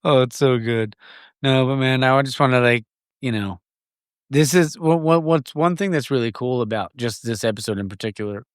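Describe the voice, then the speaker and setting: Man, podcast host, enthusiastic, profane, rambling, mid pitch, dry sound. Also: moderate pace, smooth, no room sound. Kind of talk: casual podcast conversation.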